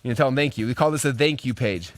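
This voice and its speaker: Fast, animated man teaching a live webinar. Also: mid-range voice. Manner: fast, energetic storytelling with lots of "right?" and "okay?". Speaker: online marketing coach.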